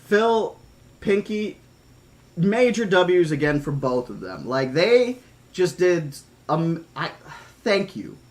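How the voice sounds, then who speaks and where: A man's voice: high-pitched, sing-song, takes it slowly. A man streaming live, emotional and near tears, stammering out thanks to his viewers in casual chat. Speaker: streamer reading a novel aloud.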